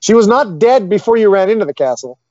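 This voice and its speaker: A man's voice: sits high, sing-song, fast, dark tone, no room sound, lo-fi sound, voice pushed up. A man playing a flustered, hesitant prosecutor who keeps saying uh, in an improv comedy sketch. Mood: insistent. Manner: hesitant, full of uhs. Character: flustered late male prosecutor.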